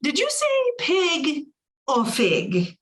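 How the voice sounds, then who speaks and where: A woman reading aloud voices a grinning, teasing, mysterious cat with a slow drawn-out delivery. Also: high-pitched, huge pitch swings, distant mic, pitched above the performer's own voice, full character voice.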